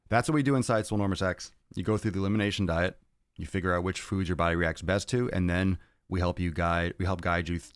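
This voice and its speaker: A man with a very deep, low voice answers fan questions on his fitness podcast. He is blunt and profane and rants at times. The sound is dry and close, with no room around it. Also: gravelly, no room sound. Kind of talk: casual Q&A answering viewer questions.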